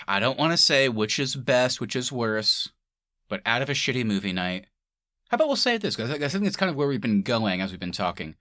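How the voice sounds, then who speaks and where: Podcast co-host, male, bright lively voice, dry close mic, loose and laughing. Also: medium pitch, fairly quick, no echo. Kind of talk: casual movie-review chat.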